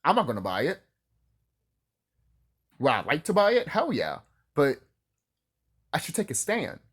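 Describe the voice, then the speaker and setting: A man's voice: on the high side, wildly swooping pitch, measured pace, a bit bright, breathy edge. A man ranting casually about video games, heated and sarcastic, swearing often and repeating himself. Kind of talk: casual rant to camera.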